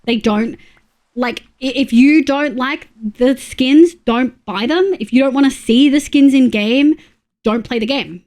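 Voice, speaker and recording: A young Australian woman with a high-sitting, slightly mellow voice speaks a little slowly on her live stream. While playing, she chats frankly and casually with viewers, welcoming them and humming as she builds.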